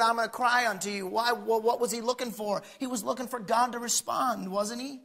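A middle-aged male pastor preaching a folksy sermon that swings from quiet asides to shouted points. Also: extremely high pitch, creaky.

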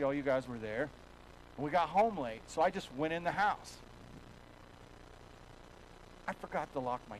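Folksy storytelling male pastor, slightly high. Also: a little hiss or hum, poor audio. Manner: folksy storytelling, swinging between hushed and loud. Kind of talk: sermon. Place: church.

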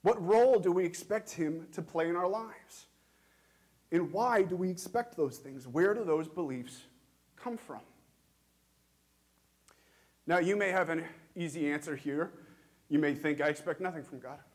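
Earnest preaching man, fairly high voice. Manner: questioning, earnest, measured with emphatic pauses. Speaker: pastor. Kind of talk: sermon. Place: church.

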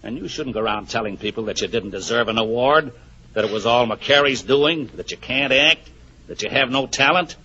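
A man with a gruff, wisecracking manner in a scripted radio comedy. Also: mid-range voice, moderate pace, pushed and bright. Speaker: comic guest. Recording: dull 1940s radio broadcast with hiss.

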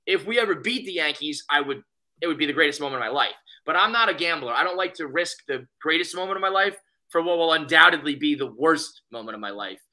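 A man co-hosting a podcast, chatting casually about baseball in a rambling, profane, excitable way. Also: a little high, fast. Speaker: podcast co-host. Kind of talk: casual sports chat.

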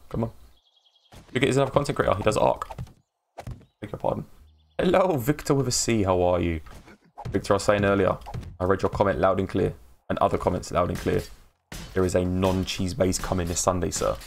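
Low gravelly English man streaming. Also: a little hiss or hum. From England. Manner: rambling, laughs often, greets chat by name. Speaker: livestream host. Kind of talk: casual live-stream chat while gaming.

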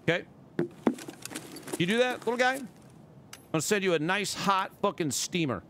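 A man's voice: sits high, expressive, normal speed, fairly bright tone, a little hiss or hum. A man livestreaming a game, ranting sarcastically and swearing often between bits of commentary. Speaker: gaming livestreamer. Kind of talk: live gameplay commentary and ranting.

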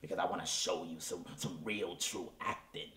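A man's voice: low-pitched, fairly even intonation, moderate pace, sharp tone, reverberant. A man playing a washed-up, self-pitying male soul crooner in a comedy character monologue, melodramatic and pleading, dropping at times into whispers. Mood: grandiose. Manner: melodramatic, pleading, addresses the audience, drops to whispers.

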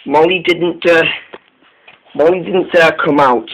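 A man narrating a train story, halting, with frequent restarts and repeated words. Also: fairly high pitch, fairly even intonation, fairly bright tone, a little hiss or hum, poor audio. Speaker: story reader.

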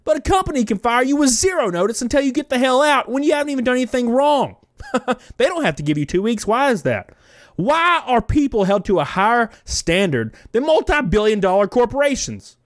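A high-voiced man with a wildly swinging pitch, ranting and joking through a commentary video. He talks fast and profanely, like a regular host firing up his viewers. The sound is dry and close, with no room around it. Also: no room sound. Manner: animated, profane, jokey ranting. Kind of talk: fast, heated commentary with reading aloud.

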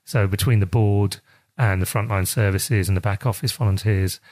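A man's voice: on the low side, steady tone, moderate pace, darkish tone. A middle-aged man with a South East London accent, chatting casually in an interview, rambling with many restarts. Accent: South East London English. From South East London, England. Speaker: charity chief executive.

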